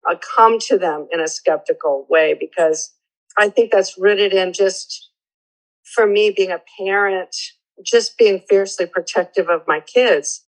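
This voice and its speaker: An older woman talking earnestly in a therapy session, halting and close to tears. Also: medium pitch, low-quality recording. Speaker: mother of the host. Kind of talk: emotional conversation in therapy.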